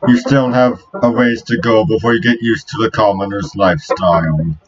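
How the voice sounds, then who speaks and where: Vain flirt of a nobleman, put-on Italian accent, smug and slow; played by a man. Lowish voice, dull recording. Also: breathy edge, soft background music. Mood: lofty. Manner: smug, drawn-out and lofty.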